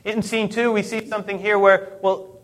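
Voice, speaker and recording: High-voiced man preaching. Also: little pitch movement, moderate pace, a bit bright. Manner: conversational preaching, rhetorical questions, self-corrections. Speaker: pastor. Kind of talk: sermon.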